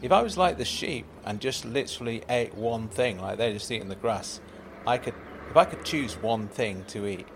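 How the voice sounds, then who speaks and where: A man's voice: medium pitch, expressive, moderate pace, vocal fry, few pauses, a little hiss or hum. A man in an audio sitcom, talking in a rambling, apologetic, stammering way. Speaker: comic performer.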